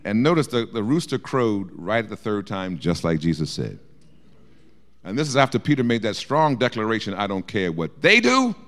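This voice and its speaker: A man teaching a Bible study, explaining verses and acting out quotes in a lively way. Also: on the low side, moderate pace. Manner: lively, acts out quotes with shifting voice.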